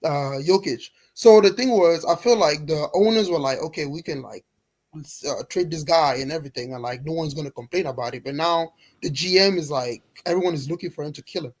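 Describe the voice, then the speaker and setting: A man's voice: on the high side, brisk. A man rambling through a casual group chat, full of filler words. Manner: rambling, heavy on fillers like "like" and "bro". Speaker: panel guest.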